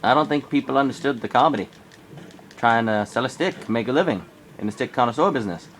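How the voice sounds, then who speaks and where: A man's voice: fast talker, a little hiss or hum. A teenage man from Arizona with a cold, telling a rambling camping story in a casual vlog. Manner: rambling, animated in quoted bits. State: coming down with a cold. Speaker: vlogger. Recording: faint background ambience, low quality.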